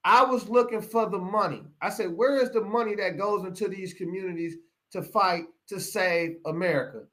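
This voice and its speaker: A man's voice: high voice, a bit bright. A middle-aged man from Pontiac, hosting a live broadcast and delivering a heated, preachy rant that repeats phrases for emphasis. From Pontiac, Michigan. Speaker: show host.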